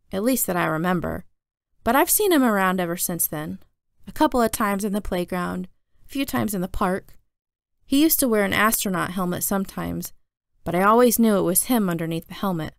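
A woman reading a novel aloud as first-person narration, telling it in an even storytelling manner. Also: mid-range voice, a little fast, vocal fry, no echo, clean studio sound. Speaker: audiobook reader.

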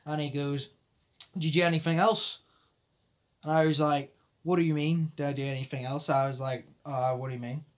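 A man hosting a podcast, telling a story in a casual chat, talking fast and loud and swearing often. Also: on the high side, fairly even intonation. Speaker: podcast host.

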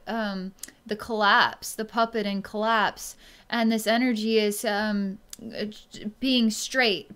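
A woman speaking as a psychic energy healer in a solo reading, talking slowly and softly with many pauses and fillers. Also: a little high, clear, resonant tone. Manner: slow, hesitant speech with many pauses and fillers; soft and quiet when tuned in. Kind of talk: solo reading monologue to camera.

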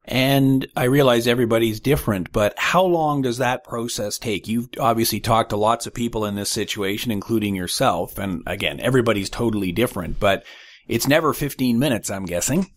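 A man's voice: medium pitch, fairly quick, no room sound, studio quality. A man hosting a podcast interview, chatty and rambling, with playful hypothetical questions. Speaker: podcast host. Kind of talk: conversational interview.

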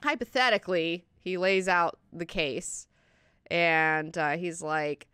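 A woman's voice: fairly low pitch, fairly even intonation, slow, pushed and bright, clear, resonant tone, no echo, studio quality. A woman hosting an online book class, recapping chapters in a chatty, profane way with lots of filler words.

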